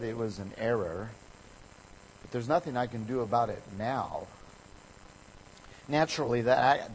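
A male pastor delivers a sermon at a middle pitch. He tells stories with animated voices for the people he quotes. A faint hiss sits under the recording. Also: poor audio.

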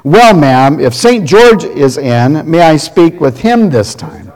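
A man's voice: a little high, expressive, measured pace, mellow, pitched above the performer's own voice. A man playing a meek, sly hungry tramp. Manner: meek, pleading. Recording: long reverb of a large hall.

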